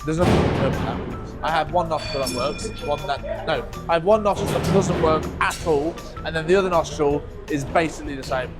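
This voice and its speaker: A man with a fairly high, nasal and croaky voice that sounds permanently blocked up. He talks fast and jokes around as he hosts a scrapyard vlog outdoors. Music plays clearly under his voice. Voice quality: nasal, croaky, as if he had a cold. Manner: fast-talking, jokey. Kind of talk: casual chat.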